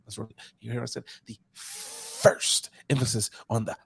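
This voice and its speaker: A man's voice: mid-range voice, little pitch movement, fast, vocal fry, breathy edge, no room sound, clean studio sound. A man co-hosting a podcast in casual chat, joking and laughing often. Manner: laughing, joking, slips into mock voices. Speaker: podcast co-host.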